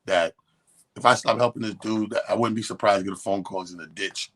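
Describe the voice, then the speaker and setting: A man's voice: fairly low pitch, steady tone, fairly quick, fairly bright tone. A man co-hosting a radio show, telling a long, profane story in casual chat and acting out both sides of the quotes. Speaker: radio co-host. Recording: radio studio.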